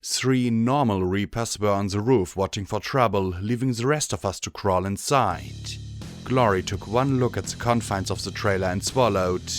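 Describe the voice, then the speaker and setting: A man reading a fan fiction audiobook in a steady, measured way. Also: on the low side, soft background music. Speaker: audiobook narrator.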